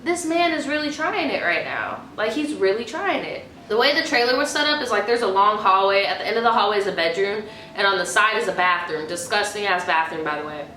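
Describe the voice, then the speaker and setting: A young woman vlogger telling a story in a casual, profane, animated way. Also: medium pitch, fairly quick, hardly any pauses, slight background noise. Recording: echoey room, faint music.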